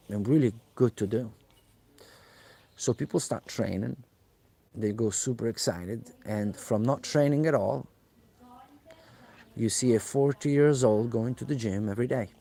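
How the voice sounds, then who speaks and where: A man's voice: fairly low pitch, vocal fry, mellow. A man working as a personal trainer, answering viewers' questions on a live stream in a direct coaching manner and repeating key points for emphasis.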